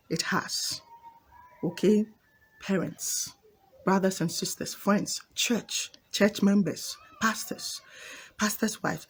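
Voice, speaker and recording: Husky woman telling a moral fable. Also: mid-range voice. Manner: animated, addresses listeners directly. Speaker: storyteller and adviser.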